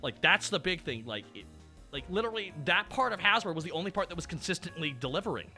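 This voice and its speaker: A man's voice: sits high, expressive, quick pace, faint music behind. A man streaming as a VTuber, chatting casually and ranting with lots of swearing. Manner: ranting, swears a lot, loud bursts. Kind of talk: casual chat.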